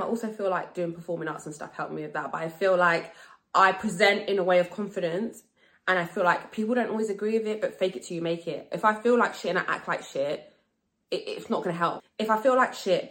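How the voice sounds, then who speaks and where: A woman in her thirties, slightly tipsy, hosting a casual solo podcast chat, talking fast and frankly, swearing freely and repeating herself for emphasis. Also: lowish voice, a bit bright. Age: 30s. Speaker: podcast host.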